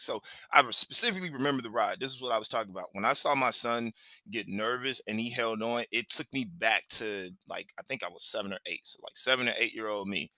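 This Cleveland, Ohio, USA podcast host has a medium-pitched voice that sounds pushed and bright, with no room sound at all. He relates a personal story in a relaxed, chatty way, sprinkled with "like" and "you know."

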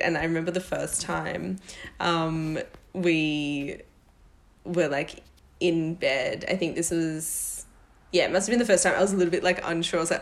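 A young woman with a fairly low voice chats frankly on a podcast. She fills her talk with "like" and tells her stories loosely and casually. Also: steady tone, brisk. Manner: chatty, frank, lots of "like". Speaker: podcast co-host. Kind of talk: casual chat.

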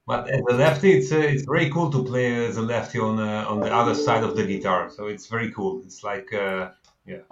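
A man in his fifties from Israel with an Israeli accent, a guest talking casually and haltingly with fillers in an interview. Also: fairly low pitch. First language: Hebrew. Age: 50s. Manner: relaxed, halting, with many fillers. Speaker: guest, venture fund founder. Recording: slightly dull lo-fi audio.

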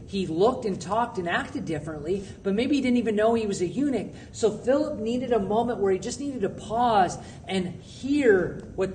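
A man's voice: sits high, darkish tone. A man preaching a youth sermon in a conversational, earnest way, repeating phrases for emphasis. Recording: distant mic with faint background noise.

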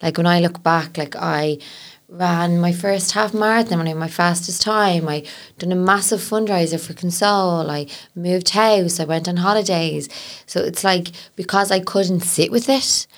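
Irish woman, lowish creaky voice, chatty host. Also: moderate pace. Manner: chatty, frequent "like". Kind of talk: casual chat.

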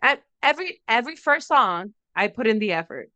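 A young adult woman co-hosting a podcast, telling a story in casual chat, animated and profane, acting out what others said. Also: a little high, brisk, no echo. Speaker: podcast co-host.

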